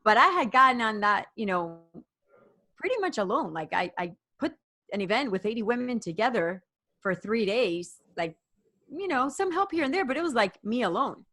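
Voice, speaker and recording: A woman coach as a podcast guest, retelling a personal story with rushed restarts and quoted dialogue. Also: fairly high pitch, sing-song, bright, forceful tone, dry recording. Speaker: guest, women's performance coach.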